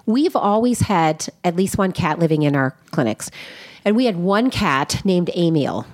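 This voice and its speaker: A woman veterinarian chatting as a podcast guest, animated and quick to laugh, often asking rhetorical questions. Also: lowish voice. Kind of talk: casual podcast conversation.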